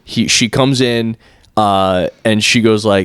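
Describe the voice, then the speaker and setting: A man's voice: on the low side, slow pace, fairly bright tone, clean tone, no echo. A young adult man co-hosting a podcast, telling a long story in a casual, crude, joking way. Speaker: podcast co-host.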